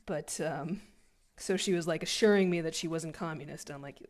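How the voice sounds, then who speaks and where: A woman's voice: low-pitched, brisk, a little mellow. A woman from Canada chatting casually on a livestream while drawing, rambling with many restarts and sounding sleepy. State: sleepy, yawning. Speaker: artist streaming a commission.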